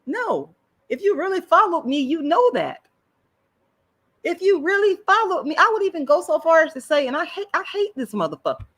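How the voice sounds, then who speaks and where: A woman's voice: very high-pitched, big pitch swings, moderate pace, fairly bright tone. A middle-aged woman ranting on a live stream, blunt and profane, repeating herself when worked up. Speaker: online commentator. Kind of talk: livestream rant.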